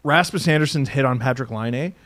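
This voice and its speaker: A man's voice: medium pitch, fairly quick, fairly bright tone. A man co-hosting a podcast in casual chat, joking and swearing freely. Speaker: podcast co-host.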